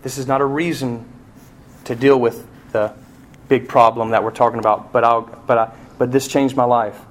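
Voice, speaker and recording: A man in the pulpit, telling a personal story as part of his sermon. His voice sits in an ordinary middle pitch, dropping low and quiet for tender moments, then climbing into loud, pleading cries. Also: level tone, normal speed. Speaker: pastor.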